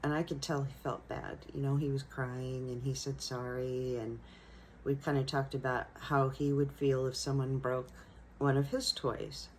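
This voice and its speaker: A woman who teaches young children, telling a personal classroom story in a gentle, reflective way. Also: extremely low pitch, flat delivery, unhurried, slight background noise, poor audio. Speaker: elementary school teacher.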